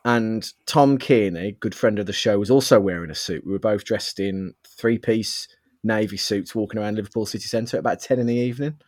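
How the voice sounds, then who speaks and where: A man co-hosting a casual podcast over webcam, telling animated anecdotes and laughing through them. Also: lowish voice, a little fast, no echo, clean studio sound. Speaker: podcast co-host.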